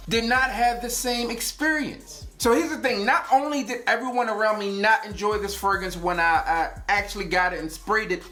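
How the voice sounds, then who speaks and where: A man's voice: high-pitched, pushed and bright. A man casually reviewing a fragrance on his vlog, joking and rambling through stories as he talks. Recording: roomy echo.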